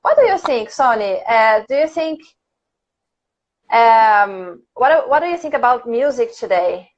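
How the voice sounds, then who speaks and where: A woman's voice: fairly high pitch, expressive, a little slow, lo-fi sound. A woman with a Brazilian Portuguese accent, hosting a casual livestream conversation, laughing easily and reading out viewer questions. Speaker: livestream host.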